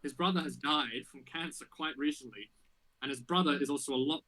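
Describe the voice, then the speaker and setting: A young man co-hosting a podcast, telling an anecdote in casual chat, animated and full of fillers. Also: on the high side, brisk, a crowd in the background, poor audio. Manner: animated storytelling with many fillers. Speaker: podcast co-host.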